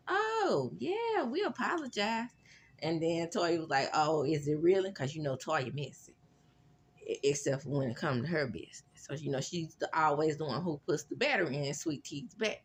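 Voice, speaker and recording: A woman with a somewhat low voice talks through a reality TV recap in a loose, chatty way, full of animated asides. A faint background noise sits under her voice. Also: brisk. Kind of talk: casual show recap.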